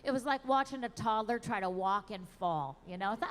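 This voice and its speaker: A woman performing a wry, animated stand-up comedy set at an outdoor show. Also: medium pitch, fairly quick, hardly any pauses, long reverb tail, slight background noise. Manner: wry, animated delivery with sung bits.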